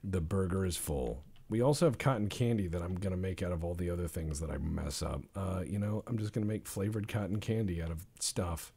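A man giving rambling, jokey commentary over his own gameplay, mixing deadpan asides with sudden loud outbursts. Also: low-pitched, brisk, few pauses, husky.

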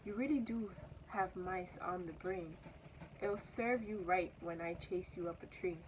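A woman voicing a small, quick-witted mouse who bluffs that he is a dog, in a storybook read-aloud. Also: fairly low pitch, background noise, close to an everyday voice. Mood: bluffing.

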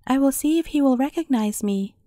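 A gentle, bewildered little boy turned dwarf, put on by a woman reading a storybook. He speaks softly and pleadingly in a raised, dark-toned voice. The recording is dry and close. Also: high voice, lively intonation, fairly quick, no echo. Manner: pleading, soft-spoken.

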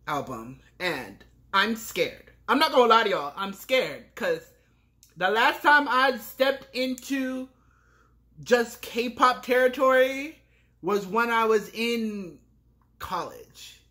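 A woman's voice: fairly high pitch, animated, takes it slowly, fairly bright tone. A woman in her twenties hosting a music video reaction, dramatic and flustered, with frequent exclamations. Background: music video playing.

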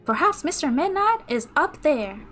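A woman's voice: high-pitched, big pitch swings, moderate pace, a bit bright, soft background music. A woman voicing a young girl heroine in a put-on American Southern accent, exclaiming in a wide-eyed, sing-song way. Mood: curious.

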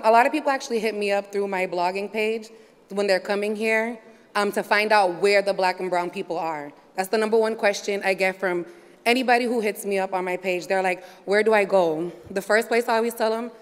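A woman's voice: mid-range voice, clean tone. A woman from Boston giving an unprepared acceptance speech, casual and conversational with many ums. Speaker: award recipient, photographer. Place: large hall. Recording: hall with long reverb.

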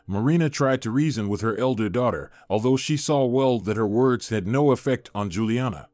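A man reading a story aloud with steady, measured scripted narration. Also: medium pitch, no room sound, soft background music.

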